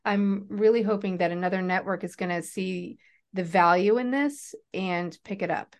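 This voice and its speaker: A woman's voice: mid-range voice, moderate pace. A woman with a mid-range voice co-hosts a casual podcast. She speaks with feeling but hesitates often, searching for her words as she goes. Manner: emotional and hesitant. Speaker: podcast co-host. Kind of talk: casual chat.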